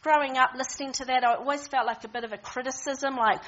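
A woman's voice: high voice, steady tone, fast talker, a bit bright, highs cut off. A woman preaching an informal sermon in a conversational way, often restarting and repeating words.

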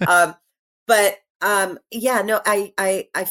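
A middle-aged woman talking as an interview guest in casual chat, animated and rambling, restarting her sentences often and filling pauses. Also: medium pitch. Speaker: actress and podcast guest.

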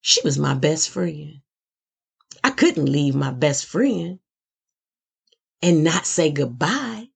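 A middle-aged woman minister giving a personal testimony, slow and dramatic, building emphasis through repetition. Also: low voice, big pitch swings, vocal fry, slightly rough.

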